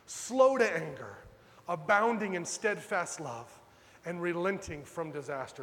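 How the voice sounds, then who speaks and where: A man preaching a sermon as pastor, dramatic, swinging from loud urgent pleas to hushed low lines. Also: animated, unhurried, big-room sound, a little hiss or hum.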